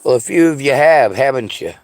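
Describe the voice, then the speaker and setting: A man's voice: mid-range voice, expressive, a little fast. A man delivering a sarcastic, profanity-laced rant straight to his audience. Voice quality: sarcastic, combative. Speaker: vlogger. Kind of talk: angry profane rant to camera.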